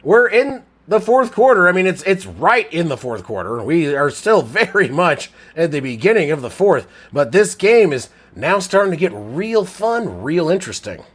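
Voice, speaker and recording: A man live-streaming play-by-play commentary while reading chat, a little drunk and with a strained throat, swinging from low mumbles to loud shouts. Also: sing-song, normal speed, hardly any pauses, husky. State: tipsy, drinking. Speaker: livestream sports commentator.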